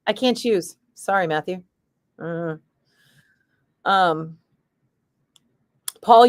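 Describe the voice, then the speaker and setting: A woman's voice: medium pitch, vocal fry, no echo, studio quality. A middle-aged woman, a radio DJ, chatting casually and bluntly with her stream viewers and answering their comments. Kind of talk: casual livestream chat.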